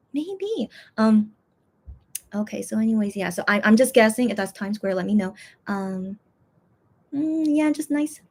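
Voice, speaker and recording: A woman hosting her own channel, chatting casually to viewers in a rambling way, full of fillers and restarts. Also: sits high. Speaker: fan vlogger, channel host.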